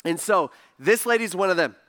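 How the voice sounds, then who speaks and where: A man's voice: high-pitched, lively intonation, moderate pace, a bit bright. A man preaching a casual sermon in a conversational way, full of asides and rhetorical questions. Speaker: pastor.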